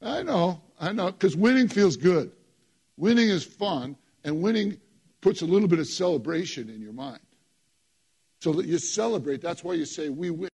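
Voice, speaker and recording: A man's voice: high-pitched, big pitch swings, moderate pace, gravelly, darkish tone, husky. A man preaching a sermon in church, working the congregation with emphatic call-and-response and short repeated phrases. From New York. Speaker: pastor.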